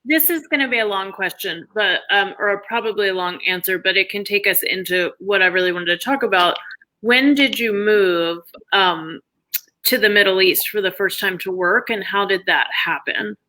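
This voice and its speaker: Woman host, bright forceful tone, upbeat, on a video call. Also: mid-range voice, moderate pace, poor audio. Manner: upbeat, enthusiastic, many fillers. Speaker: host, belly dance teacher. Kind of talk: casual video-call interview.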